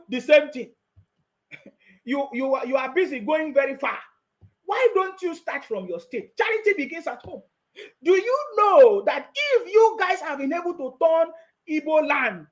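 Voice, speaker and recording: A man with a Nigerian accent giving scolding, mocking political commentary on his YouTube channel, laughing often. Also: very high-pitched.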